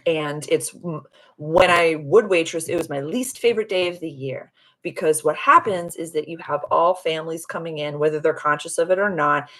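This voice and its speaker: A woman hosting a casual live stream as a spiritual healer, gushing and affirming as she answers viewer comments. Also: sits low. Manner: soothing, affirming.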